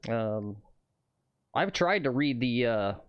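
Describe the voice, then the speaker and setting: A man's voice: medium pitch, animated, slow pace, smooth, no echo, lo-fi sound. A man hosting a golf livestream from the course, chatting casually with viewers and rambling about the game. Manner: chatty, rambling, greets chat viewers by name. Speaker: livestream golf host and commentator.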